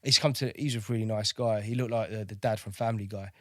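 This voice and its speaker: A man's voice: lowish voice, fairly even intonation, quick pace, fairly bright tone, no echo, studio quality. A man telling his service story candidly, swearing freely and often asking "do you know what I mean". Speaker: podcast guest, navy veteran.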